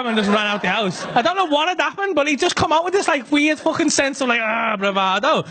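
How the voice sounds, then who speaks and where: Animated sweary Northern man telling a story. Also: extremely high pitch, quick pace, hardly any pauses, noisy background. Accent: Northern English. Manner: animated, sweary, conversational asides. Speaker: stand-up comedian. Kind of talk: stand-up storytelling.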